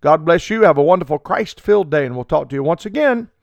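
High-voiced man preaching on the radio. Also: lively intonation, vocal fry, dry recording. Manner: halting, with many filler sounds; rising to emphatic preaching. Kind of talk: radio sermon.

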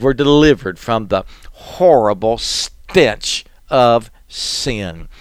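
A man's voice: mid-range voice, clear, resonant tone, dry recording, studio quality. A man preaching a sermon, reading scripture passages and pressing the point with repeated rhetorical questions. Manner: reads King James scripture aloud, then expounds with rhetorical questions.

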